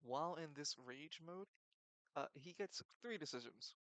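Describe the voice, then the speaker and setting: A young game master narrates a tabletop fight, his voice on the higher side and bursting loud before dropping low. He often stumbles and restarts mid-sentence. The sound is close and dry. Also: normal speed, no echo, rough recording. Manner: animated, swings between loud and quiet, stumbles and restarts.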